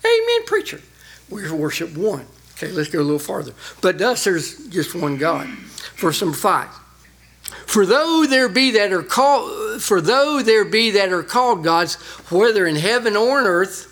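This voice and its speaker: A pastor delivers a sermon, reading from scripture and then explaining it. He is animated, and his pitch climbs whenever he wants to emphasize a point.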